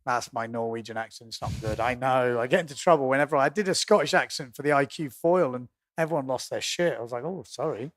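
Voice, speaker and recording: A man with an English accent commentates live windsurfing, joking, laughing easily and tossing in quick asides between calls. His mid-range voice is a bit bright. The audio is studio quality with no room sound.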